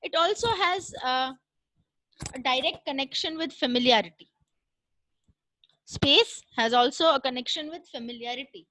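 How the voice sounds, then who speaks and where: A woman giving a recorded classroom lecture, explaining step by step with frequent "uh" pauses and "right?" checks. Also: sits high, pushed and bright, no echo, rough recording.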